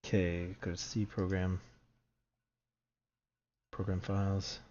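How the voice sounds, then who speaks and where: A man's voice: sits low, level tone, slow pace, a little mellow, a little hiss or hum. A man streaming a horror game, nervously muttering to himself as he clicks through files. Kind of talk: let's play commentary. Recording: dull lo-fi stream audio.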